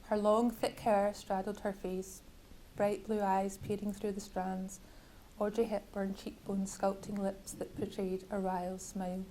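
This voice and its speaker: Woman author, measured bookshop reading, level even delivery. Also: mid-range voice, a little hiss or hum, rough recording. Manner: measured, literary reading with wry asides. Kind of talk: reading from her novel.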